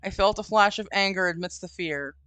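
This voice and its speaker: Smooth-voiced woman reading a spooky story. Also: mid-range voice, brisk, fairly bright tone, dry recording. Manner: giggly, reads aloud with quoted voices. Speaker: streamer reading a horror story. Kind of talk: casual chat and story reading on a live stream.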